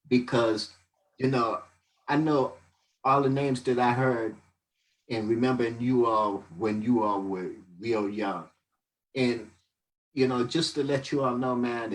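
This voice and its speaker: A man's voice: mid-range voice, distant mic, low-quality recording. A man in his sixties giving a rambling, reflective testimony as a podcast guest, full of fillers. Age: 60s. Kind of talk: casual storytelling testimony.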